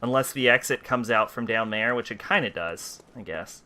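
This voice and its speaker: A man's voice: medium pitch, moderate pace, bright, forceful tone. Profane grumbling male game streamer. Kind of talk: casual gameplay commentary.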